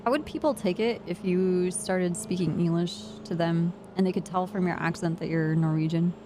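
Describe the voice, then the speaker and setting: A chatty woman streamer talks loosely to her viewers, rambling through stories and breaking into laughs. Her voice sits on the low side, with a faint hiss of noise behind her. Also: normal speed. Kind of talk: casual chat with stream chat.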